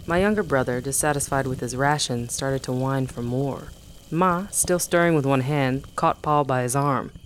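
A man narrates a first-person memoir at a middle pitch. His reading is measured and even, with no notable strain or hurry. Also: a little hiss or hum.

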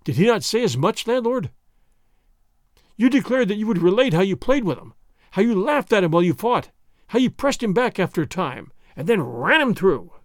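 A man's voice: high-pitched, sing-song, moderate pace, no room sound, studio quality. A man voicing a mild, foppish young nobleman who needles a sergeant in a mock-innocent way. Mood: needling.

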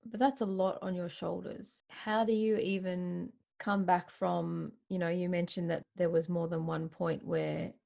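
A woman hosting a podcast, asking gentle, sympathetic questions. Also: fairly low pitch, level tone, a little slow, gravelly, few pauses. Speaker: podcast host. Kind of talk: host reading ad and interviewing.

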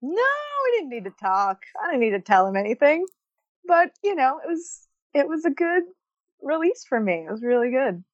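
A woman comedian, a podcast guest, telling a personal story in a lively, laughing manner. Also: high voice, normal speed, no echo, dull audio. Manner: animated storytelling, laughing through tears. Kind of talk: casual podcast conversation.

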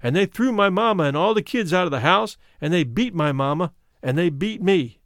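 A man's voice: high voice, animated, brisk, fairly bright tone, no echo, clean studio sound. A man voicing a frightened, beaten little boy from a mining camp, pleading through tears in a memoir reading. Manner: pleading, tearful words.

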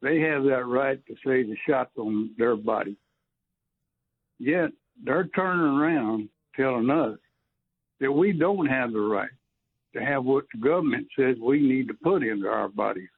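An emphatic male caller who presses his point with indignant rhetorical questions. His voice sits at an everyday pitch. It comes through a thin, phone-like line with a faint hiss behind it. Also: measured pace, gravelly. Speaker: radio caller. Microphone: telephone.

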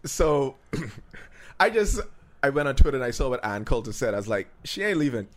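A man's voice: medium pitch, sing-song, moderate pace. A man co-hosting a casual podcast, talking at length and building his points through hypotheticals. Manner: discursive, builds arguments with hypotheticals. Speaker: podcast co-host.

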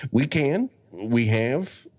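A man's voice: mid-range voice, expressive, very slow, darkish tone. A middle-aged man hosting a podcast, chatting casually and explaining things at length with frequent restarts. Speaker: podcast host. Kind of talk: casual chat.

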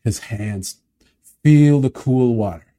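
This pastor's mid-range voice moves slowly, yet his sermon story is animated and vivid as he invites listeners to imagine the scene.

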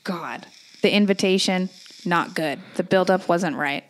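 A woman's voice: on the low side, measured pace. A woman co-hosting a casual podcast, talking bluntly and swearing freely, getting heated when she rants. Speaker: podcast co-host. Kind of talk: casual chat.

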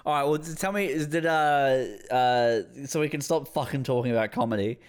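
A man, a podcast host in casual chat who laughs easily and asks quick questions. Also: mid-range voice, clean tone.

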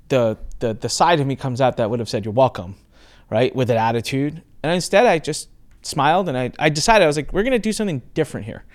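Middle-aged man hosting, earnest storyteller. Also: fairly high pitch. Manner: earnest storytelling, asks probing questions. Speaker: podcast host. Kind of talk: interview conversation.

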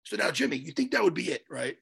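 A man telling a story on a podcast in a casual, animated way, swearing and loudly acting out what people said. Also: fairly high pitch, quick pace, vocal fry, breathy edge. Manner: animated, swearing, acts out his own quotes loudly. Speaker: podcast co-host.

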